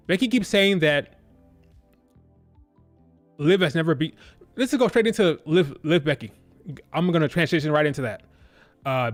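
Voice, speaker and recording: A man casually reviewing a wrestling show on a live stream, rambling with lots of fillers. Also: a little high. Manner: rambling, filler-heavy, loose and conversational.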